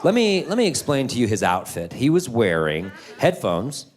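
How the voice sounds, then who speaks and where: A man in his thirties performing stand-up comedy on a club stage, animated and jumping into shouted high voices for the people in his stories. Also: normal speed, background noise.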